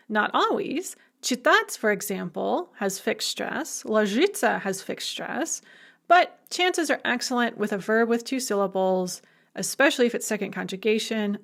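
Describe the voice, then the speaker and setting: A woman teaches in a recorded lecture with a slightly raised pitch. She talks emphatically and keeps it lively with playful asides. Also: creaky. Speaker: language instructor.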